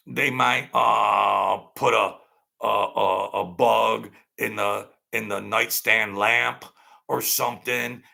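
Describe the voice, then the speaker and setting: Gravelly, bright male storyteller, blunt and streetwise, rambles and repeats. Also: medium pitch. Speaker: storyteller recounting mob-era experiences.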